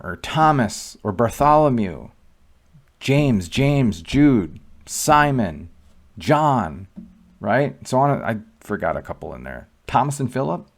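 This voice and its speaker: A man giving casual, emphatic commentary on scripture and asking rhetorical questions. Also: medium pitch. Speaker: Catholic commentator.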